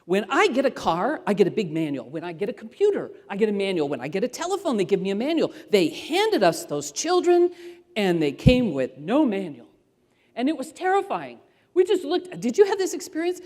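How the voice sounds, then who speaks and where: A middle-aged woman speaker telling parenting stories to an audience, animated and acting out voices as she goes. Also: medium pitch. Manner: animated storyteller who acts out voices. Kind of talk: storytelling talk to an audience. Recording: long hall reverb.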